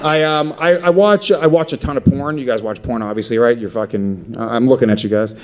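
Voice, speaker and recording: A man's voice: medium pitch, crowd noise. Crude, rambling man doing stand-up. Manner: crude, profane, rambling with quick asides. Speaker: stand-up comedian. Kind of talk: stand-up comedy set. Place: comedy stage.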